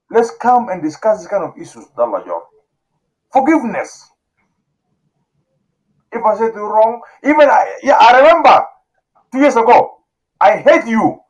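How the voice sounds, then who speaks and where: A man hosting a talk show, talking with emotion, pleading and repeating himself. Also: muffled recording. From South Sudan. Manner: emotional, pleading, repeats phrases, voice swings high and low. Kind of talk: impassioned call-in talk show.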